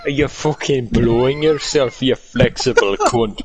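A man's voice: mid-range voice, unhurried, a crowd in the background, low-quality recording. A young man from Australia with a put-on Irish accent, chatting casually while gaming, brash and swearing in mock-aggressive banter. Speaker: gaming streamer.

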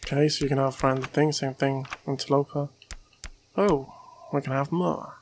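A man joking his way through casual gameplay commentary, with loud outbursts and rambling asides. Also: medium pitch, fairly even intonation, moderate pace, a little hiss or hum.

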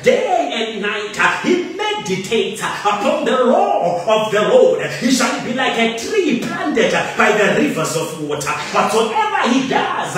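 Preaching man, high and animated, repetitive cadence full of hallelujahs; distant mic, heavy room echo. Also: slow pace. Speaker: bishop preaching. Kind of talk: sermon. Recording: echoey room from a distant mic, faint noise.

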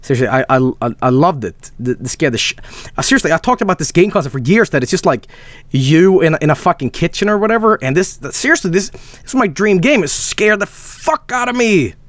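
A young man commentating his game stream live, swearing frantically and laughing nervously. His voice sits high and swings widely in pitch, with a bright, sharp edge. Faint music plays underneath. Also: big pitch swings, a little fast, no echo.

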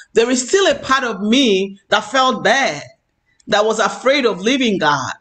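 A man's voice: sits high, pushed and bright. A man who preaches online, telling a personal faith testimony in an earnest, repetitive way with many fillers.

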